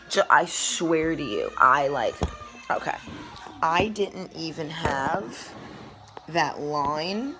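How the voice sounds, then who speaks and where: A young woman with a low voice tells a personal story on her vlog. She talks casually, acts out what people said and swears freely. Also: fairly bright tone. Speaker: vlogger.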